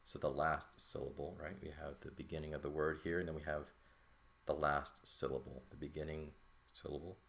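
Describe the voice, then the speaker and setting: An extremely low, creaky voice belongs to a Greek teacher giving an informal recorded lesson as he writes on paper. He reasons aloud casually, often adding "okay?" or "right?"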